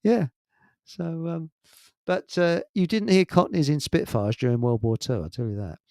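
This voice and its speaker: A man's voice: fairly high pitch, normal speed, vocal fry, darkish tone, no echo, studio quality. A man with a Hertfordshire accent chatting casually as host, rambling, chuckling often and trailing off mid-sentence. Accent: Hertfordshire English. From England. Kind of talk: casual chat.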